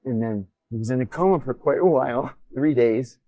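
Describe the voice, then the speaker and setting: A middle-aged man recounts an old episode in an easy, animated storytelling manner, slipping into other people's voices as he goes. His voice sits at an ordinary pitch, recorded close and dry with no room around it. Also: normal speed, no room sound. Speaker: former intelligence officer guest. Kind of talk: casual storytelling in a podcast interview.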